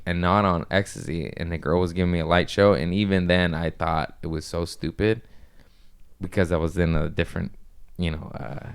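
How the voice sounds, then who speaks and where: Comedian, male, deep and clean-toned, loose profane storyteller. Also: steady tone, normal speed, creaky, smooth. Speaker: stand-up comedian. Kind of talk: casual podcast chat.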